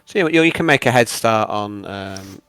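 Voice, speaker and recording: A man narrating and running a tabletop role-playing game in a relaxed, chatty way. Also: lowish voice, moderate pace, smooth, dry recording, faint music behind. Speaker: game master.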